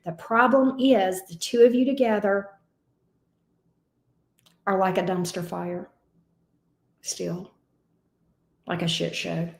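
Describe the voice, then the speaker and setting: A woman's voice: medium pitch, fairly even intonation, takes it slowly, vocal fry, pauses often, reverberant. A woman giving a casual, emotional tarot reading. She talks expressively and swears now and then. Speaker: tarot reader.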